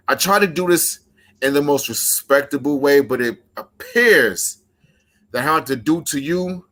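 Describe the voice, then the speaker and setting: A man's voice: medium pitch, fairly bright tone. A man cutting a wrestling promo, intense and emphatic, repeating lines for effect.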